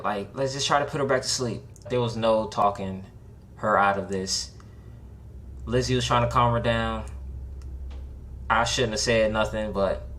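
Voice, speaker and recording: A young man casually telling a true story, laid-back and slangy, rising into a higher voice when he acts out his own panic. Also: a bit bright, slight background noise. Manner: laid-back slangy talk with many likes and restarts.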